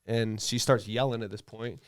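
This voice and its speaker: A man's voice: fairly low pitch, fairly even intonation, normal speed, clean tone, no room sound, clean studio sound. A man telling a personal story in casual podcast chat, blunt and laid-back, with lots of fillers and swearing. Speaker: tattoo artist guest.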